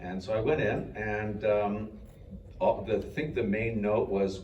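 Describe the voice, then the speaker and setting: A very deep-voiced man rambles through a story on a convention panel, self-deprecating and chuckling as he goes. He sounds echoey and distant, as if heard from the back of a large hall. Steady background noise runs under his voice. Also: unhurried. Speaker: voice actor panelist. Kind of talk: anecdotal panel talk.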